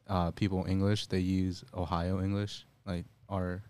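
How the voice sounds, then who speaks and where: A man's voice: deep voice, little pitch movement, measured pace, a little mellow, clean tone. A man chatting casually on a stream, easygoing and a bit hesitant.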